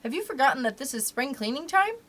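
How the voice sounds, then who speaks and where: Woman reading as a careless boastful boy, brisk, cocky, high voice, storybook. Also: very animated, a bit bright, a little hiss or hum. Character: boastful, careless boy who never grows up.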